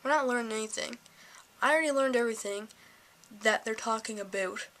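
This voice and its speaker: A woman's voice: fairly high pitch, fairly quick, a bit bright, low-quality recording. An eighteen-year-old woman vlogging, ranting sarcastically and swearing freely about her day. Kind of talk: casual ranting vlog.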